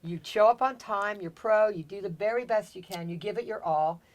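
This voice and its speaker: A woman hosts a podcast in a casual chat, speaking at medium pitch and normal speed. She's an animated storyteller who swears freely and acts out quotes.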